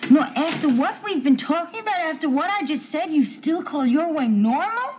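A woman's voice: high voice, big pitch swings, a little mellow, a little hiss or hum. Mary Hartman, a stammering housewife. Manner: hesitant, stammering, halting. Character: confused, earnest small-town housewife. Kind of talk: 1970s TV soap acting.

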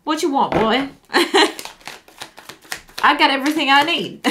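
A woman's voice: very high-pitched, wildly swooping pitch, very slow, background noise, voice pushed up, full character voice. Woman putting on a sassy accented queen. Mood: teasing. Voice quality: brassy put-on accent. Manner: teasing, defiant.

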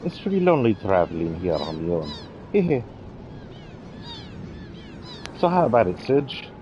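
A man's voice: on the low side, very animated, a little fast, highs cut off, slight background noise. A man voicing a brash young woman thief, cheeky and bouncy, reading game dialogue aloud. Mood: friendly.

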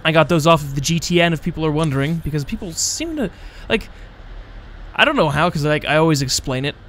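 Give me a drowsy young man chatting over gameplay, fairly high, with faint hiss. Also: lively intonation, fast, a bit bright. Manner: rambling, self-mocking, drowsy. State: yawning, tired. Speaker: gaming channel host. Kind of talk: casual let's-play commentary.

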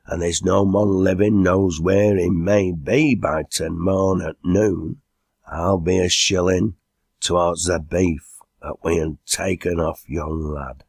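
A man voicing a wheezy older pub regular who talks in a plain, steady way. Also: low-pitched, slow pace, no echo, studio quality, full character voice. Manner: plain and steady, short of breath.

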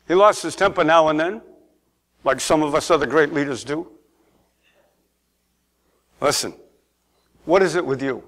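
Middle-aged male pastor, high-pitched, sermon delivery that asks for amens and swells to emphatic peaks. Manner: preaching, calls for amens, rises to emphatic peaks. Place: church sanctuary.

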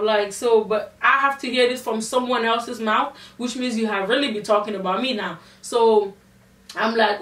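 A young woman vlogger telling a storytime, animated and indignant, with many fillers. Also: fairly high pitch, moderate pace, far from the mic. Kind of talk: storytime vlog. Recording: echoey room, off-mic.

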